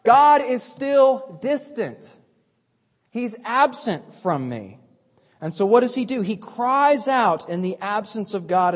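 A man preaching a sermon as pastor. He moves between urgent, raised lines and hushed, quiet ones. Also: sits high. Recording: long reverb of a large hall.

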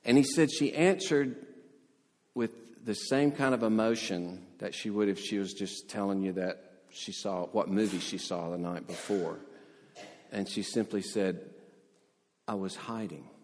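A man's voice: lowish voice, unhurried. A man preaching a sermon as pastor, telling stories and lightly acting out quoted voices. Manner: storytelling, animated voices for quotes. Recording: long hall reverb.

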